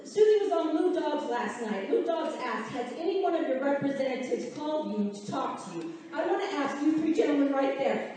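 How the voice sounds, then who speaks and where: A woman's voice: sits high, darkish tone, slight background noise. A woman giving an impassioned, emotional speech at a public meeting. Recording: echoey hall recorded from far off.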